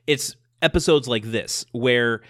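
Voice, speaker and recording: A man's voice: medium pitch, unhurried, a bit bright, dry recording, studio quality. A man co-hosting a TV rewatch podcast, chatting casually, laughing often and swearing freely. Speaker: podcast co-host.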